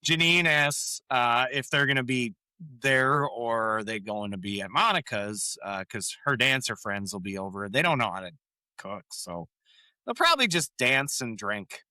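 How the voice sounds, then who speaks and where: Podcast co-host, man, lively up-and-down delivery, bright tone, dry close mic. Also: medium pitch, normal speed, no room sound. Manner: animated retelling, quoting lines with frequent laughs. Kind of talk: casual recap chat.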